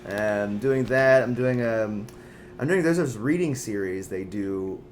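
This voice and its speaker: A man's voice: medium pitch, measured pace, a little hiss or hum. A young man from Montreal, a comedian and actor, chatting casually as a podcast guest with a laid-back, self-deprecating manner. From Canada, Montreal.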